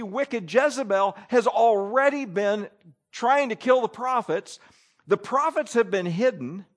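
Animated preaching man with a high voice. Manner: animated, folksy preaching with sudden loud and soft swings. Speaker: pastor. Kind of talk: sermon.

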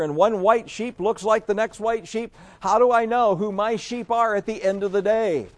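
A man's voice: sits high, darkish tone. A man preaching a sermon to his congregation in a folksy, conversational way, full of rhetorical questions. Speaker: pastor.

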